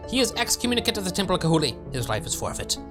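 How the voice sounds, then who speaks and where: Grim male lector, commanding and solemn; a man reads him from game text, quick delivery, faint music behind. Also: sits high, sing-song, voice pushed up. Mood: grave. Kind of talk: reading game dialogue aloud.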